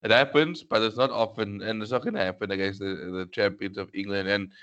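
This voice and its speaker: A man's voice: lowish voice, fairly even intonation, a little fast, fairly bright tone. A man in casual football chat, an emphatic, exasperated fan venting about his team. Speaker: football podcast co-host. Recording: dull lo-fi audio.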